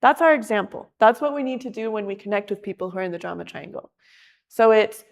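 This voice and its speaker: A woman's voice: medium pitch, fairly quick, vocal fry. Chatty woman teaching a class. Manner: chatty, acts out quotes with lively emphasis. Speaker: class instructor.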